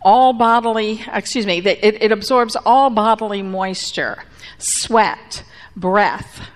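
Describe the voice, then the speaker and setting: A woman pastor giving a sermon in a deliberate, conversational way. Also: mid-range voice, long reverb tail.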